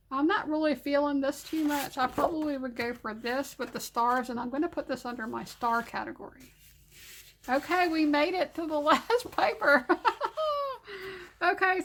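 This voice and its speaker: A woman's voice: sits high, slight background noise. A woman hosting a casual crafting vlog, chatting enthusiastically with filler words as she sorts paper. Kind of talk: casual vlog narration while sorting paper.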